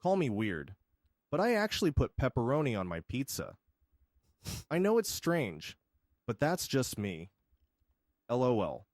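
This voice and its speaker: A man's voice: mid-range voice, huge pitch swings, a little slow, pauses often, no room sound, studio quality. A man mocking a smug self-styled quirky weirdo. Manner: mocking, sing-song, quiet. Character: smug self-proclaimed quirky person, mock-earnest.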